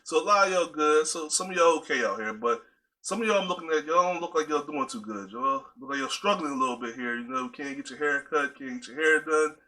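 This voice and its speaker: A man talks straight to his viewers in a casual, preachy way. His voice sits high and sounds very bright. He keeps calling his listeners y'all. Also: brisk, poor audio. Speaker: video host. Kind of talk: casual direct-to-camera talk.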